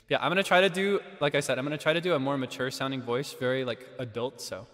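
A man streaming karaoke, chatting casually and jokily with sudden loud bursts. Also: medium pitch, fast, long reverb tail.

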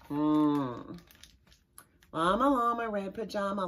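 Librarian lady reading a kids picture book, slow and sing-songy, lots of ups and downs in her voice. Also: medium pitch, husky. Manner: expressive and sing-song, pausing to explain words to children. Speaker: children's librarian. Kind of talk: reading a picture book aloud to young children. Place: library story time recorded for online viewing.

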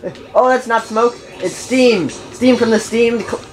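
A woman's voice: on the high side, unhurried, music in the background, lightly acted, low-quality recording. A woman playing a flustered middle-aged male school principal, stammering through excuses.

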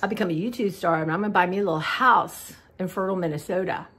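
A woman in her fifties chatting casually to her viewers, rambling and warm with drawn-out "y'all"s and sighs. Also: lowish voice, husky. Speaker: vlogger. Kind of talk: casual haul chat.

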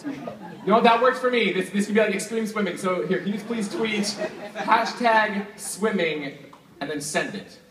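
A young man performs as a stage magician, talking casually and energetically to a live audience, hyping them up, chatting with helpers and using "like" as filler. His voice is high and fairly quick, recorded from a distance in an echoey hall with crowd noise.

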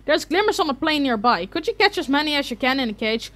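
A woman's voice: high-pitched, sing-song, quick pace, a bit bright, voice pushed up. Woman doing a folksy dwarf man. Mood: welcoming. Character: friendly gruff male dwarf craftsman.

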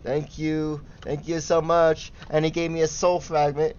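A man's voice: a little high, a little slow, hardly any pauses, highs cut off. Giggly young man streaming a game. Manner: giggly, easily excited, chatty with chat. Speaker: gaming livestreamer. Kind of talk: casual gameplay commentary.

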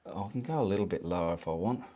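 A man's voice: sits low, quick pace, dark tone. Chatty man painting live. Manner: chatty, casual, talks while working. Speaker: painting instructor. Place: home studio, indoors.

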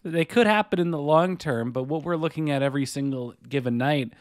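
A man's voice: a little high, brisk, no room sound. A man co-hosting a podcast in casual chat, with a dry, wry, easygoing manner. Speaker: podcast co-host.

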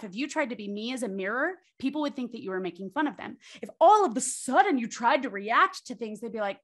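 A woman's voice: on the high side, a bit bright. A woman, a podcast guest, explaining with animation and tagging her points with "right?". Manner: acts out quoted voices. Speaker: podcast guest, charisma coach. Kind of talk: explanatory interview talk.

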